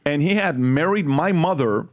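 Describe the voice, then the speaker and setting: A man's voice: fairly high pitch, moderate pace. A man hosting a casual panel discussion, talking emphatically and telling stories while quizzing the others. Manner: emphatic, animated storyteller who quizzes the panel. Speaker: host.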